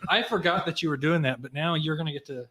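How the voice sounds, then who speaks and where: A man's voice: a little high, fast talker, background noise. A man hosting a podcast from a cigar lounge studio, chatting casually in a playful, teasing way. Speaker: podcast host. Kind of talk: casual chat.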